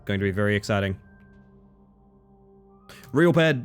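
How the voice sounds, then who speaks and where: Animated streamer man chatting with his viewers. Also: unhurried, clean tone, faint music behind. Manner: animated, swings into high squeals and laughs; chatty, thanks viewers warmly. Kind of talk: casual live-stream chat.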